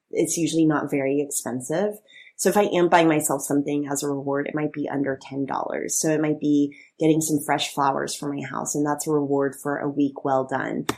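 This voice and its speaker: A woman's voice: sits low, a little mellow. A woman co-hosting a podcast in casual chat, chatty with many fillers and frequent laughs. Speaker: podcast co-host.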